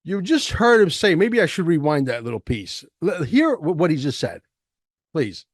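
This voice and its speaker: A man's voice: fairly high pitch, very animated, moderate pace, no room sound, clean studio sound. A man hosting a podcast, ranting emphatically with rhetorical questions and profanity as he comments on a clip. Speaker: podcast host.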